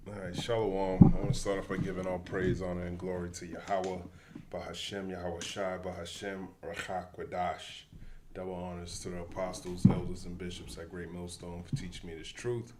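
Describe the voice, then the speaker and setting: Deep-voiced man doing casual commentary. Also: monotone, moderate pace, very noisy. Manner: loose, profane, calls everyone "man". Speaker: livestream host.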